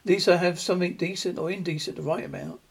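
A man's voice: high-pitched, fairly even intonation, fast, vocal fry, husky, heavily acted. A man voicing a frustrated, self-pitying male writer, reading aloud with occasional stumbles and restarts.

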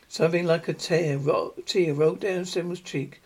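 A man reads a short story aloud in an unpolished way. His voice sits fairly high for a man, and he often trips over words and starts them again. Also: fairly even intonation, darkish tone, slightly rough. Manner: halting, with frequent stumbles and restarts. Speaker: reader. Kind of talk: amateur story reading.

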